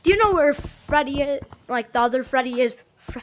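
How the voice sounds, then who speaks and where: Playful girl gamer teasing the robots, high voice that jumps around. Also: animated, fairly quick, highs cut off, slight background noise. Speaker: player as night guard. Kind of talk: VR game role-play.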